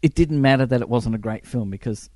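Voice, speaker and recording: A middle-aged man, a former film crew member, telling lively anecdotes in a casual interview and acting out the voices of the people he quotes. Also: mid-range voice, fast, no room sound.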